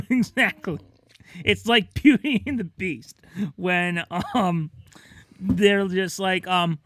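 A man's voice: high voice, slow, fairly bright tone. A man in casual comedic chat, riffing on absurd scenarios and acting out bits in character voices.

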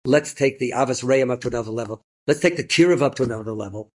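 A rabbi tells inspirational stories in a slightly husky voice. His pitch sits in a middle range for a man. He grows animated and pushes into excited emphasis, laughing as he goes. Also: quick pace. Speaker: rabbi and storyteller. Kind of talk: inspirational storytelling talk.

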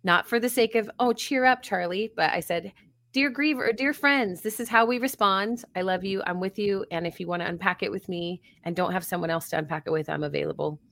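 A woman's voice: mid-range voice, a little fast, gravelly, fairly bright tone. A woman guest talking about grief support in an earnest, reflective way, laughing now and then. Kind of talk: reflective conversational interview.

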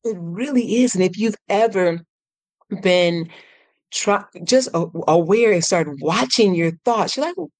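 A woman speaking as a guest on a podcast, her voice sitting a bit low and recorded dry and close. She talks with animated energy, breaks into laughter often, and jumps up into playful high tones when she acts out her own thoughts. Her speech is warm-hearted and encouraging. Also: slow, no echo. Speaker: transformational coach, podcast guest. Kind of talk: casual podcast interview.

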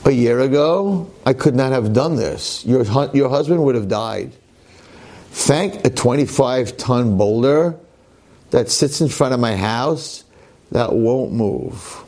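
A man's voice: medium pitch, expressive, slow, dark tone. A humble farmhand speaks plainly and earnestly, as a male storyteller plays him. His lines come across as simple and heartfelt. The voice stays close to the teller's own. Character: humble farmhand, later distraught.

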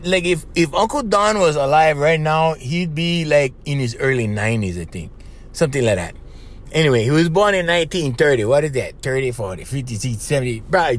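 A middle-aged man with a Hawaiian accent tells stories on his podcast in a loose, streetwise way, talking straight to his listeners. His voice sits a little high for a man and swoops up and down with a lot of expression. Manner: animated, streetwise, addresses listeners as "bro". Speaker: podcast host. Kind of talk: casual storytelling.

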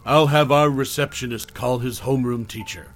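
A man reading a calm, polite school official woman. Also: mid-range voice, moderate pace, soft background music, natural voice. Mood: accommodating.

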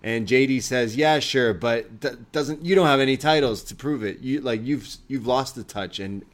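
A man's voice: medium pitch, normal speed. Man casually recapping wrestling, quoting lines. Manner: recounts scenes, quoting lines in put-on voices. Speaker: wrestling show co-host.

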